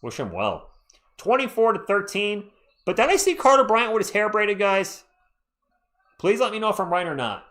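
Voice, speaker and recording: A man hosting a live fan play-by-play stream, chatty and excitable, reading and answering viewer chat as he calls the game. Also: high voice, moderate pace. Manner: excitable, voice jumps up when thrilled.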